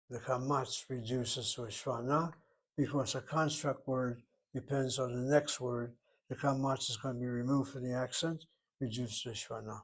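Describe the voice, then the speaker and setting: A man's voice: mid-range voice, breathy edge. Methodical male Hebrew teacher. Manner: methodical, explains step by step. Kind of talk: informal language lesson.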